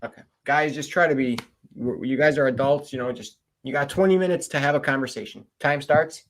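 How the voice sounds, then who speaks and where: A man moderates a debate in a calm, even-handed way, rallying the two sides. His voice sits at an ordinary pitch, with faint noise and clicks behind it. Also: brisk, low-quality recording.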